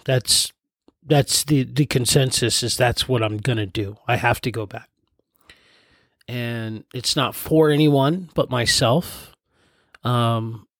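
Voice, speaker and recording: A young man speaking alone in a reflective monologue, halting and thoughtful, full of pauses and fillers. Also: medium pitch, dry recording, studio quality. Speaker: podcast host.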